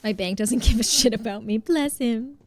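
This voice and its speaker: A woman's voice: mid-range voice, steady tone, quick pace, breathy edge. A woman livestreaming a game, chatting casually, laughing often and greeting her chat. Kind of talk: casual gaming stream chat.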